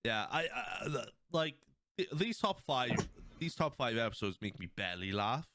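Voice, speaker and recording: This man hosts a podcast in a medium-pitched, slightly bright voice that swings widely in pitch at a moderate pace. Chatting loosely, he recounts episode scenes with quoted dialogue, curses now and then, laughs, and keeps restarting amid plenty of fillers. Studio-quality sound with no echo.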